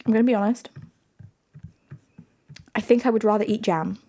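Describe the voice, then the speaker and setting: A woman's voice: on the high side, steady tone, moderate pace, warm tone. A woman streamer in casual livestream chat, playful, laughing often and answering her viewers.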